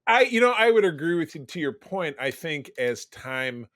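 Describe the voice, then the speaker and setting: Very animated and a little high-pitched, this man speaks at normal speed with a fairly bright tone. Co-hosting a podcast's casual movie discussion, he rambles, self-interrupts, restarts sentences, and trails into summaries, all in clean studio sound without room sound.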